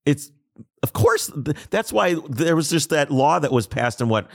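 A man's voice: a little high, moderate pace, vocal fry, no echo, clean studio sound. A man co-hosting a podcast, talking in an emphatic, opinionated way. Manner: animated, emphatic, ranting. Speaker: podcast co-host. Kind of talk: casual opinionated chat.

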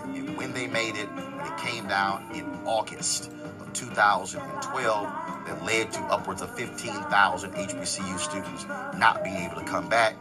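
Deep-voiced man arguing over loud music. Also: moderate pace. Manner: emphatic, argumentative. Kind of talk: panel discussion.

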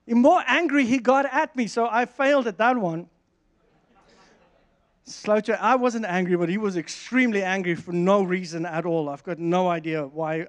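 High-voiced man preaching a sermon. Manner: animated storyteller, frequent restarts, laughs. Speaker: pastor. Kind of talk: sermon with personal anecdote.

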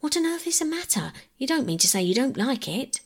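A woman reading aloud and voicing an earnest, blunt young boy with a raised, husky voice. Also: a little high, very animated, moderate pace, darkish tone, voice pushed up. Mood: impatient.

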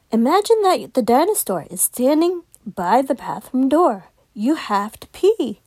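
Lady reading a kids book out loud, bouncy sing-song voice, kinda high, slow and clear. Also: sing-song, no room sound. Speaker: children's story reader. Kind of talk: reading a picture book aloud.

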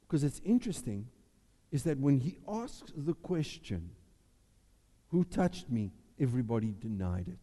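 A man preaching a sermon, acting out Bible voices with animated delivery. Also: a little high. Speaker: pastor. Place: church. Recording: long hall reverb.

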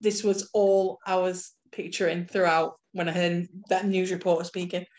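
A woman's voice: lowish voice, flat delivery, normal speed, a little mellow. A woman co-hosting a podcast, chatting casually about a film and laughing easily. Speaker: podcast co-host. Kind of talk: casual chat, film review.

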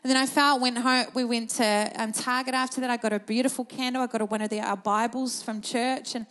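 A woman preaches from the front, her voice riding high. She tells personal stories in an easy, conversational way, then presses her points with urgent, rising emphasis. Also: steady tone, fairly quick, fairly bright tone. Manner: passionate, storytelling, builds to urgent emphasis. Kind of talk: sermon.

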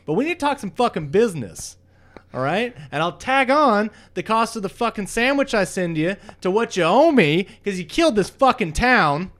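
Brief: bossy, profane wrestling booker, loud and scolding, as a game master puts him on. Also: male voice, high-pitched, very animated, moderate pace. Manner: profane, scolding, barking orders. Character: big, bossy, foul-mouthed male wrestling booker.

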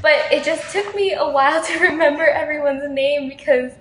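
A woman's voice: high voice, steady tone, normal speed, a bit bright, roomy sound, a little hiss or hum, poor audio. A young woman from Houston, Texas, chatting casually and frankly with a friend and laughing often. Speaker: friend in conversation. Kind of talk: casual chat.

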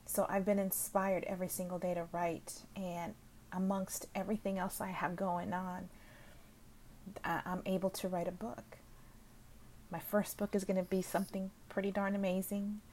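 A woman's voice: fairly low pitch, level tone, moderate pace, darkish tone, slight background noise. Heartfelt woman telling her story. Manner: emotional, heartfelt, repeats herself. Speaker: social media creator. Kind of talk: personal storytelling.

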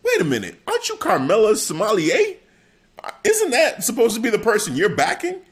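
Rambling man host with a lively voice. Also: high voice, fairly quick, slightly rough. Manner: rambling, self-correcting, asks questions. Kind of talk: casual chat.

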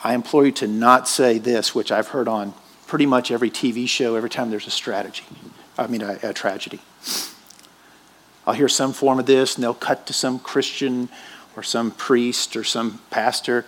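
A man's voice: mid-range voice, normal speed, a bit bright. A man preaching a sermon in a church, emphatic and questioning his congregation. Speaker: pastor.

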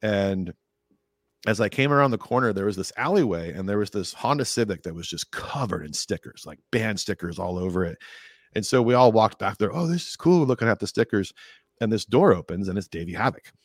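Low-voiced man telling stories casually. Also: brisk, no room sound, clean studio sound. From California. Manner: rambling, animated, acts out quotes in a higher voice. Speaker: podcast guest. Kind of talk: casual storytelling interview.

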